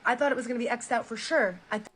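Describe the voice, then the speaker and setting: A woman streamer reacting live, reading a story aloud with stunned, animated asides. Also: a little high, very fast, husky, low-quality recording.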